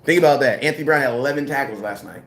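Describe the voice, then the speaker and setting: A man ranting casually about football, slangy and animated, repeating his points. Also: mid-range voice, very fast, roomy sound, a little hiss or hum. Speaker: sports commentator. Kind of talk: casual sports rant.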